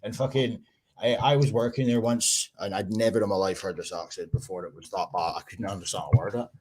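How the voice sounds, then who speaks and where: A Scottish man hosting a casual livestream chat, sweary and animated, often laughing as he talks. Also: lowish voice, fast talker, slightly rough. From Scotland. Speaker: livestream host.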